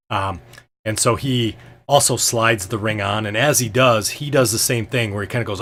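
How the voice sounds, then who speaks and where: A man's voice: on the low side, fairly even intonation, fairly quick, pushed and bright. A man narrating as game master of a tabletop game, hesitant and full of ums and restarts.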